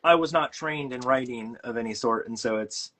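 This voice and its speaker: A man's voice: medium pitch, moderate pace, fairly bright tone, a little hiss or hum. Rambling self-deprecating man hosting a chat. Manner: rambling, self-deprecating, many fillers and restarts. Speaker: host. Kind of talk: casual chat while drawing.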